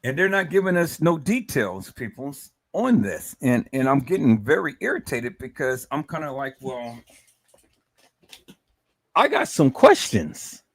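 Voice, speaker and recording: A man's voice: medium pitch, big pitch swings, moderate pace, few pauses. A man hosting a livestream, talking emotionally and emphatically, repeating words and stammering as he addresses his viewers as "people". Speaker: live stream host.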